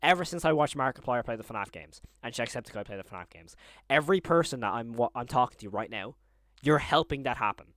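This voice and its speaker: Excitable stammering young man, dry sound. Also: mid-range voice, a little fast, no echo. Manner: excitable, stammering with many restarts. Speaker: streamer. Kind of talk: live stream reaction.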